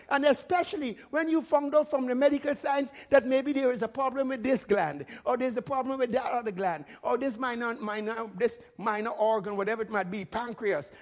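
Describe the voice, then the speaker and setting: A man with a strikingly high voice preaches a sermon. He speaks with bold authority, hammers the same phrases again and again, and pushes up to loud, forceful commands. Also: a little fast, hardly any pauses. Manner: emphatic, commanding, rising to loud declarations; repeats phrases for emphasis, calls to the congregation. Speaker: pastor.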